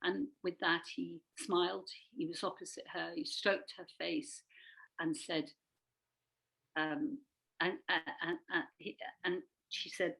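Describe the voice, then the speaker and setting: A woman with a low voice gives a personal account at a webinar. She speaks haltingly, pausing often, filling gaps with "uh" and restarting her sentences. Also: level tone, creaky, fairly bright tone, low-quality recording. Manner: halting, with many fillers and restarts. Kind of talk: personal testimony.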